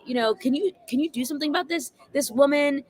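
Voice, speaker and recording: A woman guest in a casual chat, telling stories in a relaxed way with drawn-out fillers. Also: high-pitched.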